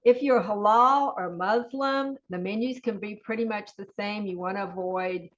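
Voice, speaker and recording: A woman's voice: mid-range voice, normal speed, fairly bright tone, highs cut off. Enthusiastic Southern woman presenting a webinar. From Southern United States. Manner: enthusiastic, lists menu items, chatty asides. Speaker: webinar presenter, school nutrition.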